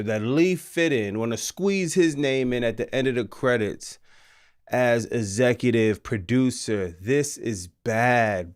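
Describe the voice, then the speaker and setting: A man ranting on a live stream about wrestling, exasperated and sarcastic, sometimes bursting into shouts. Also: mid-range voice, smooth.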